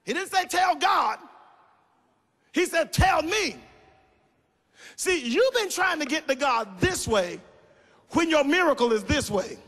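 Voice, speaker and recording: A man preaching a sermon, building emphatic lines into shouted sing-song cadences and calling for responses from the congregation. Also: extremely high pitch, very animated, normal speed. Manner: calls for audience responses. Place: large church sanctuary. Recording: reverberant church hall.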